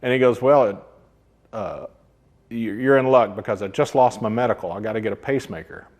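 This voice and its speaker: A man's voice: medium pitch, fairly quick, darkish tone. A man, a pilot, telling stories from his career in a casual interview and acting out the quoted dialogue. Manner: anecdotal, acts out quoted dialogue.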